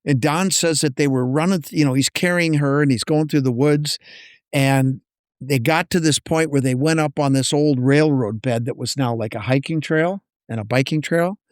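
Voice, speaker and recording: Animated male storyteller, dry sound. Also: on the high side, normal speed, no echo. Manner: animated storyteller, acts out dialogue. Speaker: podcast guest. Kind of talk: casual chat.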